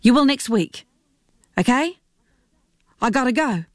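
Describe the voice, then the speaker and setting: Woman reader as stammering evasive son, lively delivery, radio storybook. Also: on the high side, a little slow, no echo, studio quality, voice pushed up. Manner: stammering, hesitant. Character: evasive, flustered young adult son. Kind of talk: radio reading of a novel.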